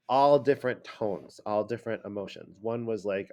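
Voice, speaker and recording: A male high school teacher giving a casual classroom lecture, acting out example phrases in different tones. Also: unhurried, darkish tone, dull audio. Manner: casual, acts out quoted phrases with shifting tone.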